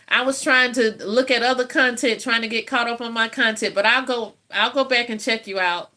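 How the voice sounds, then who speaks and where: Woman, 50s, livestream host; bright, forthright voice, folksy chat with frequent laughs. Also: a little high, steady tone, a little fast, few pauses. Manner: chatty, laughs often, folksy storytelling. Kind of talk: casual live chat with viewers.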